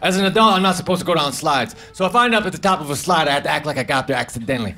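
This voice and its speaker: A man doing a stand-up comedy set of deadpan one-liners with mumbled asides, recorded live on a comedy club stage. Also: sits high, racing, hardly any pauses, background noise.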